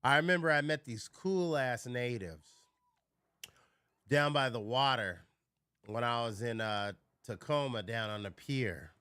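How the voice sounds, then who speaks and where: A man's voice: medium pitch, a little slow, bright, forceful tone, clear, resonant tone, no echo, clean studio sound. A man chatting casually on a live stream, rambling through stories, swearing freely and answering his chat.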